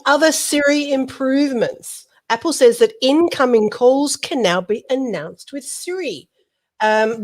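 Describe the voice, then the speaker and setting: A woman co-hosting a casual tech podcast, chatting and reading out update notes with quick joking asides. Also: fairly high pitch, darkish tone. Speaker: podcast co-host.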